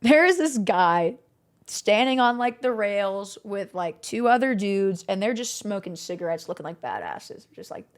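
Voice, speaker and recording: A woman's voice: medium pitch, lively intonation, a little slow. A young adult woman streamer telling a story to her chat in a rambling, candid way, with lots of "like" fillers and casual swearing.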